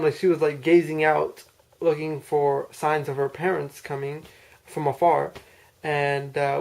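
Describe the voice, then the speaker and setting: A man's voice: on the high side, vocal fry, a little mellow. A man casually telling a personal story, rambling, with many fillers and restarts. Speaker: person recounting a dream.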